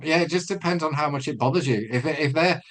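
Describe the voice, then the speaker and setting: A man's voice: on the high side, fast, fairly bright tone. A man co-hosting a webinar, giving riding advice over a video call and thinking aloud with many restarts. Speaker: retraining coach and webinar co-host. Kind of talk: casual instructional chat.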